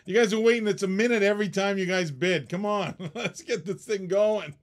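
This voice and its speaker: A man's voice: high voice, moderate pace. Chatty man hosting a live auction. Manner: chatty, laughs often, teasing the bidders. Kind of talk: casual live-stream auction chat.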